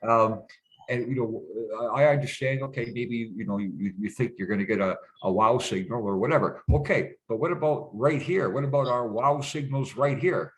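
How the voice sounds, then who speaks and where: A man from Canada speaks in loose, rambling conversation, stumbling over restarts and fillers. He swears bluntly when worked up. His voice sits at an ordinary middle pitch. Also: normal speed, rough recording. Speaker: guest. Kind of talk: casual conversational interview.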